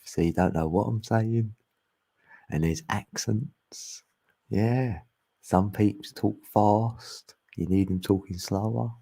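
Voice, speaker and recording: A deep-voiced man talks in a slow, laid-back way. His voice is gravelly and dark, and he laughs easily between his slangy remarks. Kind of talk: casual chat.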